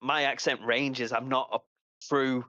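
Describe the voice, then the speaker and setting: A man's voice: medium pitch, little pitch movement, moderate pace, bright, forceful tone, dry recording, lo-fi sound. A man from England with a Liverpool accent, chatting casually on a live call-in show and laughing often. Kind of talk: casual chat.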